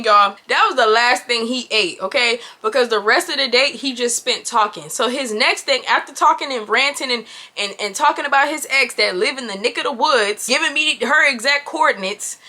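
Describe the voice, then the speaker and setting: Young woman vlogger, high and bright, animated and slangy storytime delivery. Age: 20s. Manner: animated, exclamatory, slangy, addresses viewers as y'all. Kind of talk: storytime vlog.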